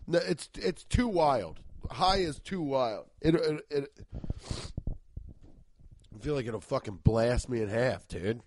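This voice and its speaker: A man's voice: mid-range voice, unhurried, no echo. Congested man rambling on a comedy podcast. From Cincinnati, Ohio. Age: 30s. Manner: rambling, profane, excitable. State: congested and sniffly from allergies. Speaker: podcast host. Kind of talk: casual comedic monologue.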